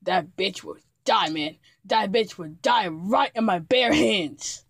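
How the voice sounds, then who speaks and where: A man's voice: lively intonation, creaky, fairly bright tone, exaggerated voice. A man doing a stammering, exasperated dad. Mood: seething. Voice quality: stammering, halting delivery with many restarts. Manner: sighing, grumbling, low and muttered. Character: exasperated hot-tempered adult dad. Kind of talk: comedic puppet sketch acting.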